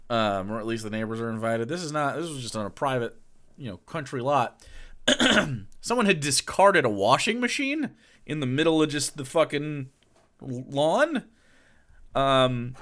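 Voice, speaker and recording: A man's voice: mid-range voice, a bit bright. A man streaming live and telling rambling, profane stories, laughing often as he talks. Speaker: streamer reacting to a clip. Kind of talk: casual livestream storytelling.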